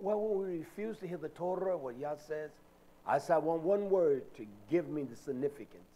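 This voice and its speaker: A man preaching a Sabbath sermon in a notably high voice. He speaks with fervent emphasis, and hesitant filler sounds break up his lines as he presses each point on the congregation. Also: warm tone.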